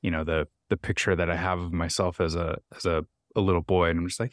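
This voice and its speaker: A man co-hosting a podcast, a parent, speaking earnestly and encouragingly about quieting his inner critic. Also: low-pitched, little pitch movement, fast, hardly any pauses, no room sound. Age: adult parent. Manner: earnest, encouraging, talks himself through things. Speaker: podcast co-host. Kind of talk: casual conversational chat.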